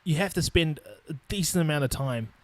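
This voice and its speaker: Recorded dry on a studio microphone, this podcast host is a man in his twenties with a New Zealand accent and a fairly high voice. Talking briskly on his solo show, he delivers a blunt, profanity-heavy rant.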